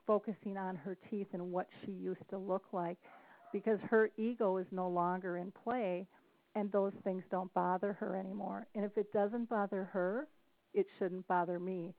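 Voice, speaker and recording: A woman's voice: fairly low pitch, no echo. A middle-aged woman, a family caregiver and speaker, tells personal stories earnestly in a podcast interview. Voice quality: earnest, storytelling delivery with restarts. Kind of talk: emotional podcast interview over the phone. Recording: tinny phone line, dry.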